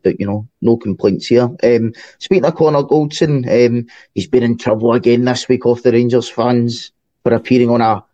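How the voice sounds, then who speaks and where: A Scottish man co-hosting a football podcast as a fan, chatting in a relaxed way with lots of fillers. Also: mid-range voice, dry recording, lo-fi sound. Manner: relaxed, filler-heavy chat. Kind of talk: casual football chat.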